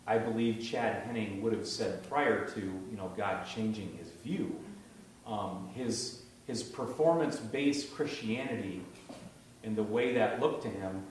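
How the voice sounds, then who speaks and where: A man's voice: on the low side, unhurried. A man in a casual church discussion who tells stories in a reflective, searching way. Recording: echoey room, distant mic, faint noise.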